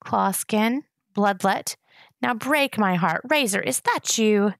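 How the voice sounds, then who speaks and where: A woman's voice: medium pitch, animated, slow, gravelly, no room sound, studio quality. A woman doing a wry mocking rat. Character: sly wry giant male rat, mocking.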